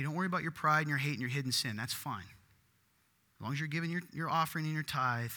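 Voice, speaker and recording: A man preaching a sermon in a church, animated and breaking into loud emphatic bursts. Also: fairly high pitch, quick pace, long reverb tail. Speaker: pastor.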